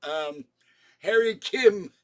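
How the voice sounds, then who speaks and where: A man's voice: lively intonation, extremely slow, full character voice. An older man mimicking a bossy starship captainess. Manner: barking orders in a raised, higher voice. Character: brisk commanding woman starship captain.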